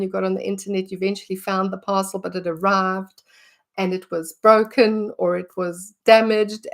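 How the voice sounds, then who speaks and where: A middle-aged woman, teaching about dog behaviour in a casual way and acting out what she would say. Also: mid-range voice. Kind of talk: conversational teaching talk.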